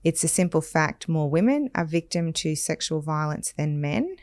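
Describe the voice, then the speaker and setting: A woman, hosting a podcast and reading out statistics in a measured, firm way. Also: low-pitched, darkish tone, no echo, studio quality. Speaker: podcast host. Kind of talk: conversational podcast discussion.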